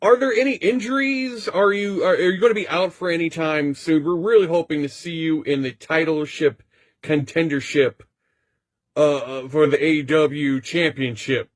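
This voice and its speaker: A man's voice: on the high side, normal speed, dry recording. A man playing a mock sports reporter in a comedy bit, over-the-top and indignant. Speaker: comedy correspondent.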